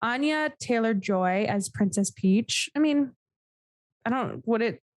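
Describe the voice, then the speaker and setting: A woman co-hosting a relaxed podcast chat in a somewhat high voice. She reacts bluntly and with disbelief, swearing casually. The sound is dry and close, with no room around it. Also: measured pace, dry recording. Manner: blunt, incredulous, swears freely. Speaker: podcast co-host.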